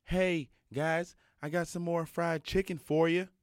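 A man's voice: medium pitch, animated, a little fast, dry recording, clean studio sound, voice pushed up, close to an everyday voice. A man voicing a folksy, offhand white male football coach in a retold anecdote. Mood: breezy.

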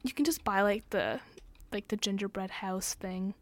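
A young woman co-hosting a casual chat podcast, soft-spoken and full of filler likes. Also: medium pitch, normal speed. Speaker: podcast co-host.

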